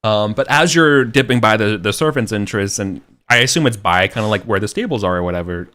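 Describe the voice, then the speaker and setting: A man's voice: fairly low pitch, expressive, fairly quick, bright, forceful tone. A man running a tabletop role-playing game as game master, narrating loosely with many fillers. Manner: rambling, filler-heavy narration.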